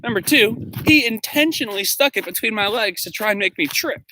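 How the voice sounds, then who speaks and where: Animated man telling a story while walking. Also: fairly quick, background noise. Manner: animated, indignant storytelling with big pitch jumps. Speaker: school teacher and vlogger. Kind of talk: casual vlog storytelling. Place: outdoors, walking.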